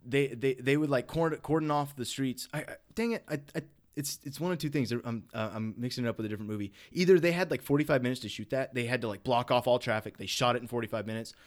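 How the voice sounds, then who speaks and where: A man's voice: medium pitch, quick pace. A man co-hosting a podcast in casual chat, rambling and enthusiastic, full of restarts and fillers. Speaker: podcast co-host.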